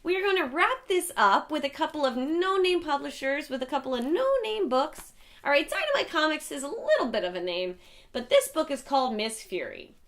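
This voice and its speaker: Woman host, comic reviewer, slightly high voice, loose, profane, animated delivery. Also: brisk. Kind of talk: casual review vlog.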